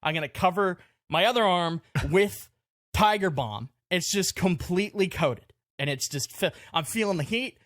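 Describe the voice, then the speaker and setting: A man with a high voice tells a story on a podcast, loose and animated. He keeps breaking into laughter at his own misfortune. The sound is dry and close to the mic. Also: normal speed, no room sound. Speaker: podcast co-host. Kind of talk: casual storytelling chat. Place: podcast studio.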